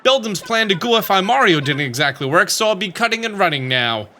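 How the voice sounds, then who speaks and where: A man's voice: sits high, very animated, fairly quick, pushed and bright, slight background noise, voice pushed up, heavily acted. A man voicing a sneering, mocking male villain in a raised voice.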